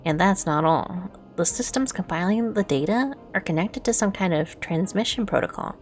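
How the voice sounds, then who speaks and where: A woman voicing a nervous gang doctor speaking hushed over a call. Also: mid-range voice, animated, moderate pace, faint music behind, close to an everyday voice. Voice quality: hushed, quiet.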